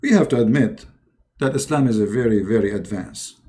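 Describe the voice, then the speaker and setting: Male streamer, mocking and halting, with a lively voice that swoops up and down. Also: medium pitch. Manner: sarcastic, halting, with many fillers. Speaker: religious debate streamer. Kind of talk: mocking commentary.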